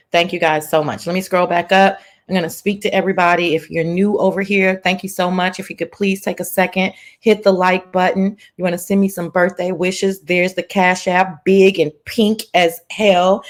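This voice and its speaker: A woman hosting a casual livestream chat from her laptop, sassy and playful, greeting viewers by name in a lively sing-song. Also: fairly low pitch. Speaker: livestream host. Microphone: laptop mic.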